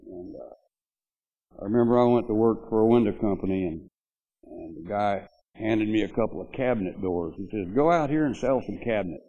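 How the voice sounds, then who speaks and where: The audio is dull, but the voice is mellow and expressive: a fairly low-pitched older man speaking briskly. He's giving a eulogy at a memorial gathering, spinning loose, folksy anecdotes about an old friend and leaning on "you know" again and again.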